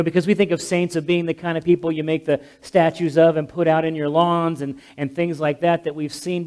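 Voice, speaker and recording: A talkative male pastor delivers a heartfelt memorial sermon from the pulpit of a church. His voice sits fairly high, and he speaks through an amplified microphone. He is wordy and loud by his own account, often stumbling and restarting his sentences. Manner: talkative, self-described loud, frequent restarts. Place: church sanctuary. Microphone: amplified handheld or stand mic with monitor.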